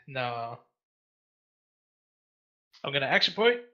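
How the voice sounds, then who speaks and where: A man's voice: medium pitch, slow. A man playing a tabletop game over voice chat, often apologizing for his mistakes. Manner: apologetic, self-deprecating, excitable. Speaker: player.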